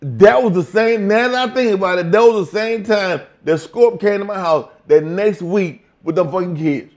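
A man with a high-pitched voice and a moderate pace speaks here: an aging ex-wrestler being interviewed. He recounts stories bluntly and with profanity, performing the voices of those he quotes.

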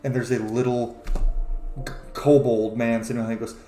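A man from the American South narrating a tabletop game as game master in a lively storytelling way. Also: medium pitch, normal speed, pauses often. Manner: lively storytelling, laughs easily. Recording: echoey room with faint music.

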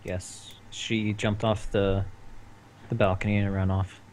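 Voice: low voice, flat delivery, measured pace, darkish tone, a little hiss or hum. A player in a tabletop game, speaking tersely and matter-of-factly. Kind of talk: casual tabletop play.

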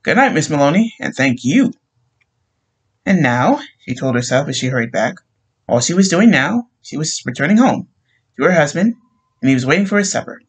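A man narrating a short story aloud at a steady, plain pace. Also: fairly high pitch, breathy edge, poor audio.

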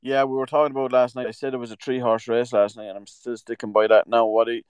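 A man co-hosting a casual horse racing preview, giving his picks in a relaxed, opinionated way. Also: mid-range voice, fast talker, clean tone, no room sound. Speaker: racing tipster co-host.

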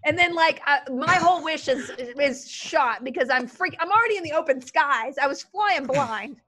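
A woman playing a tabletop game, animated and laughing as she talks. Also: sits high, normal speed, slight background noise. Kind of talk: casual tabletop game chat.

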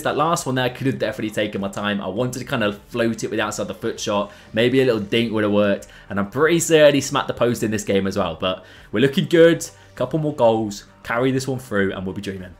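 A young man talks through his own matches, his pitch leaping up whenever a chance opens. His delivery is casual and lively, like gameplay commentary. Faint music plays quietly underneath. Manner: excitable, jumps in pitch at big chances. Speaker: gaming YouTuber.

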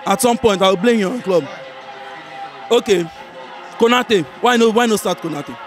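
A man with a Nigerian accent giving a heated football reaction, animated and argumentative, who keeps checking that his listener understands him. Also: sits high, normal speed, faint music behind. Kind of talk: heated casual football debate. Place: viewing center.

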